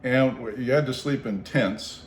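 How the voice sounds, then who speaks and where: A man from Seattle telling a long story in casual conversation. He is animated, acts out the voices of the people in it and swears freely. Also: mid-range voice, a little slow. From Seattle, United States. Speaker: storyteller on his own show. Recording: roomy echo, faint background noise.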